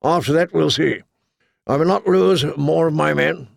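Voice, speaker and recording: Gruff old lord-commander, curt and commanding, a touch gravelly, read by a male narrator. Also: a little high, moderate pace, no echo. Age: older. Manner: brusque, decisive orders.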